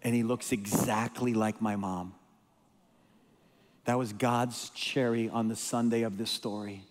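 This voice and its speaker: A man's voice: fairly low pitch, steady tone, unhurried. A man giving a storytelling sermon as a guest preacher, emotional and rambling, with frequent restarts and repeated words. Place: church sanctuary. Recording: long hall reverb.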